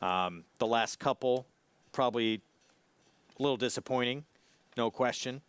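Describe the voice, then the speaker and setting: A man co-hosting a horse racing broadcast, giving quick, matter-of-fact takes on the runners. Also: mid-range voice, smooth, dry recording. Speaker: racing analyst.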